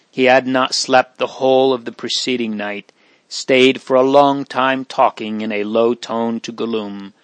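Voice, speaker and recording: Slow, measured male audiobook narrator. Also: mid-range voice, no echo. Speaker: audiobook reader. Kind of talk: scripted narration of a Victorian novel.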